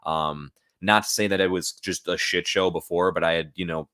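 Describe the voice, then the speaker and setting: A man's voice: low voice, steady tone, normal speed, bright, forceful tone. A man hosting a casual live stream, rambling loosely, swearing now and then and reading out chat comments, into a new microphone at home. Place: at home, in front of a laptop.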